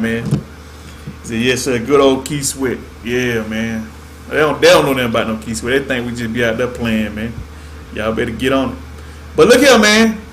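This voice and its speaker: A laid-back man from Georgia chats loosely on a fishing livestream, his voice sitting a little high for a man. He drawls along and keeps dropping "man" at the end of his sentences. A faint hiss of noise runs underneath. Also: fairly bright tone. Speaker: fishing show host. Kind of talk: casual livestream chat.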